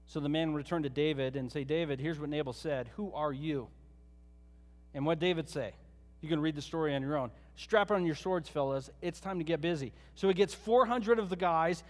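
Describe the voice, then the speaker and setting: A pastor preaching a sermon, retelling a Bible story in a conversational way with joking asides. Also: male voice, on the high side, expressive, brisk, in a large hall.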